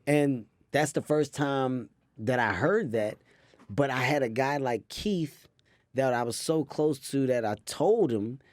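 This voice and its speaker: Animated male comedian telling stories. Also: mid-range voice, no room sound. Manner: animated, quick storytelling. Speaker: comedian guest. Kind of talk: interview storytelling.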